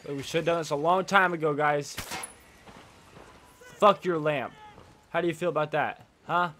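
Nasal, excitable young man gaming. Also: fairly high pitch, quick pace, a little hiss or hum. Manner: excitable, swearing, loud outbursts. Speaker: gaming channel host. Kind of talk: gameplay commentary.

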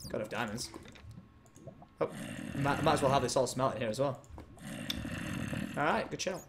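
A young man commentating his gameplay live. He is excitable, talks to the creatures in the game, and breaks into sudden loud outbursts. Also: medium pitch, normal speed, background noise. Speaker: gaming video host.

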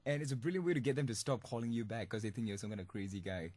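A man's voice: mid-range voice, rapid-fire, darkish tone, husky. Playful young man hosting a podcast. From Singapore. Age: young adult. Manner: laughing often, playful and mischievous. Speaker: student radio podcast host. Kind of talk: comic monologue podcast.

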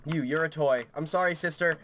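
Bright-voiced panicky young gamer man. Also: fairly high pitch, fairly quick, slight background noise. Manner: panicky, swearing, rambling to himself. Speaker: gaming YouTuber. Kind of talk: horror game let's play commentary.

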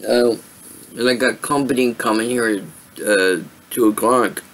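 A man's voice: mid-range voice, fairly even intonation, measured pace, a bit bright, low-quality recording. A tired man casually telling a personal story on his vlog, rambling with many fillers and restarts. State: tired, yawning. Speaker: vlogger.

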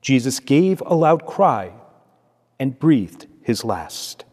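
Solemn priest in a reverberant church. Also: male voice, medium pitch, sing-song, darkish tone. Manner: measured, solemn liturgical delivery. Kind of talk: reading scripture aloud and preaching. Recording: long echoey church reverb.

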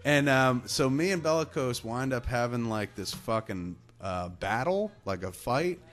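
A man's voice: mid-range voice, lively intonation, a little slow, a bit bright. A man co-hosting a podcast, telling a rambling, profanity-laced story in casual chat. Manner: profane, rambling anecdote with laughs. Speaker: podcast co-host.

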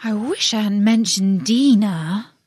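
A woman's voice: medium pitch, slow pace, darkish tone, breathy edge, dry recording, clean studio sound. A woman voicing Alice, a polite and eager young girl, in a storybook reading, raising her voice above her narration. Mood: melancholy. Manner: earnest, pleading.

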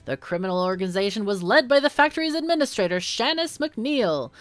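Woman putting on a chirpy state newscaster, raised pitch, bouncy sing-song delivery, dry close sound. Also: expressive, a little fast, no echo, lightly acted. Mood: cheery. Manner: bright announcer cadence.

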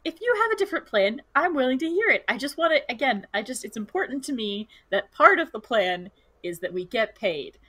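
A blunt halfling sellsword who only cares about getting paid, in a high, lively voice that swoops up and down, as a woman role-plays her at the game table. She talks dry and deadpan, and the sound is close and dead. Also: a little fast, no room sound. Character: blunt mercenary female halfling who wants pay. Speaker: player. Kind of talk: in-character tabletop role-play.

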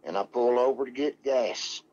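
A man's voice: mid-range voice, moderate pace, a little mellow, muffled recording, a little hiss or hum. A man telling a rambling, salty story in casual talk, drawling and full of cussing. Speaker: guest, dog man.

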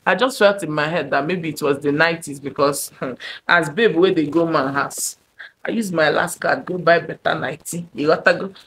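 A young woman with a Nigerian accent, telling a personal story to camera in an animated, dramatic way. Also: low-pitched, moderate pace, a little hiss or hum. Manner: animated, dramatic storyteller, shifting between loud and hushed. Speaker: vlogger. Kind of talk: storytime monologue.

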